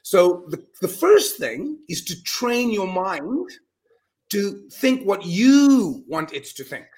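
A middle-aged man speaking as a guest on an interview podcast. He talks in an emphatic, earnest way, with quick restarts and repeated words. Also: high voice, sing-song, darkish tone. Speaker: guest speaker on mind power. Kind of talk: animated storytelling in a podcast interview.

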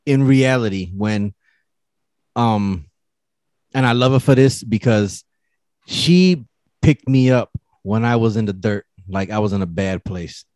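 A man's voice: mid-range voice, darkish tone, dry recording. A man co-hosting a podcast, telling a personal story in casual, profane chat and mimicking other people's voices.

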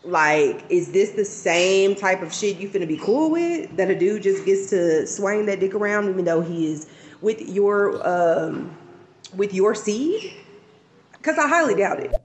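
A man's voice: high voice, lively intonation, unhurried. Male caller, reflective, questioning, faint background hiss. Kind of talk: casual chat.

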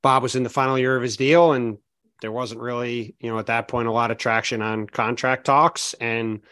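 A man in casual podcast conversation about basketball, reasoning out loud with steady, analytical phrasing and frequent "I mean" and "look" restarts. His voice sits at an ordinary middle pitch. The sound is close and dry, with no room echo. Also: normal speed, smooth. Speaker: sports podcast co-host.

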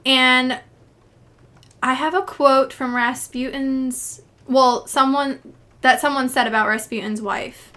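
Young woman, podcast co-host, bright voice, a bit high, chatty, laughs a lot. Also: fairly even intonation, slow. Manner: chatty, laughs often, reads quotes aloud. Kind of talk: casual history chat.

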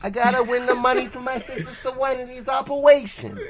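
A man voicing a scrappy teenage duelist with a fake Brooklyn accent, in a high, childish, nasal way and a brash, excitable manner. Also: brisk, a loud crowd. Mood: earnest. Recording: loud background noise.

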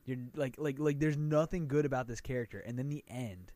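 A man's voice: medium pitch, brisk. A man co-hosting a podcast, telling stories in casual chat with exaggerated delivery and frequent laughter. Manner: animated, laughs often, exaggerated storytelling. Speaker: podcast co-host.

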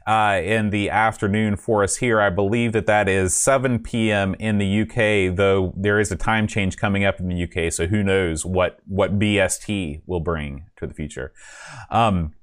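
A man's voice: steady tone, moderate pace. Rambling, self-mocking male podcast host. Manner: rambling and self-mocking, sings patron names in a high put-on voice. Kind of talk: casual podcast chat, singing a list of names.

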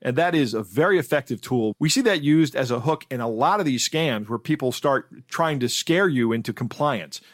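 A man's voice: mid-range voice, expressive, moderate pace, few pauses, dry recording, clean studio sound. A man co-hosting a podcast, casually telling a scam story and acting out the quoted voices. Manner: storytelling, acts out quoted voices, laughs easily. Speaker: podcast co-host. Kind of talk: casual chat.

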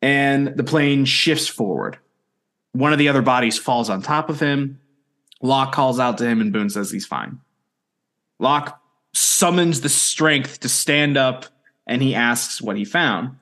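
Young man, podcast co-host, dry teasing humor, even plot recap. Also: mid-range voice, measured pace. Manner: wry, teasing, recaps plot in steady narration. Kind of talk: casual chat and episode recap.

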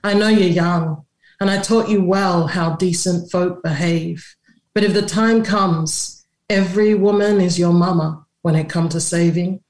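A woman's voice: on the low side, fairly even intonation, unhurried, a little mellow. Rhythmic woman poet in an echoey room. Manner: rhythmic, spoken-word delivery. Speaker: poet and author, guest. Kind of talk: poetry reading.

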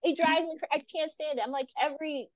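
A woman with a fairly high voice co-hosts a podcast and rants in casual chat, exasperated and animated. Her voice sits close and dry on the mic. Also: quick pace, no room sound. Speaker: podcast co-host.

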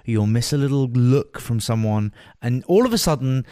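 A man's voice: mid-range voice, lively intonation, moderate pace, warm tone. A man co-hosting a podcast, bantering and teasing in a casual, exclamatory way. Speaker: podcast co-host. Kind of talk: casual bickering chat.

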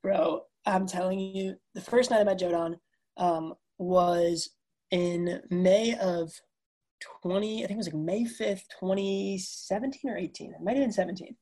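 A woman's voice: fairly low pitch, a little slow. A woman in her twenties, a guest musician, telling a story animatedly on a video call and acting out the quoted dialogue. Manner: animated, acts out quoted dialogue, says dude and bro. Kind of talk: casual storytelling interview.

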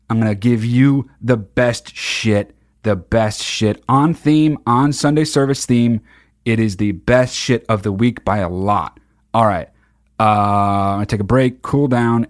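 A man hosting a comedy podcast, reacting to clips with profane, mocking commentary. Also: medium pitch. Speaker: podcast host.

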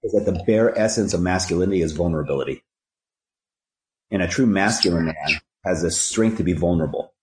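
Deep-voiced man giving earnest life advice. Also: fairly quick, roomy sound. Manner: earnest, preachy, uses rhyming catchphrases. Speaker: podcast guest. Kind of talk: conversational storytelling and life advice.

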